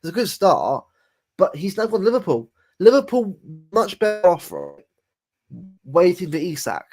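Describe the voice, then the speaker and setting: Casual podcast co-host, male, slightly higher voice, rambling and repetitive delivery. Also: huge pitch swings, moderate pace, darkish tone. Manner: rambling, repeats words and says mate often. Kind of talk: casual football chat.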